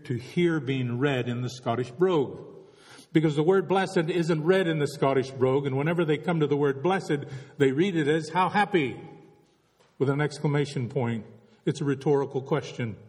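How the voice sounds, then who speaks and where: A man's voice: mid-range voice, a little mellow, big-room sound. A man delivering a reflective sermon as a pastor, full of rhetorical questions.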